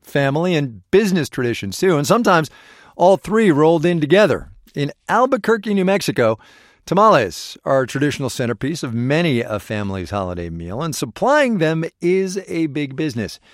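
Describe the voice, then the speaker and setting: Male radio news host, fairly high and animated, dry booth sound, wry scripted delivery. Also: fairly quick, no room sound. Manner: wry, lively delivery with playful asides.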